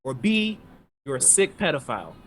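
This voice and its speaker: A man's voice: mid-range voice, big pitch swings, moderate pace, fairly bright tone, a little hiss or hum, rough recording. A man co-hosting a podcast, ranting heatedly and sarcastically about an anime episode, swearing constantly. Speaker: podcast co-host. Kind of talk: profane ranting anime recap.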